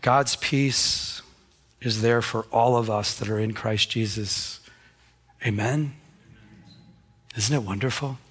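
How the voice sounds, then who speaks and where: Husky-voiced male pastor preaching. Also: mid-range voice, takes it slowly, pauses often, fairly bright tone. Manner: conversational preaching, acts out anecdotes. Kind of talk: sermon.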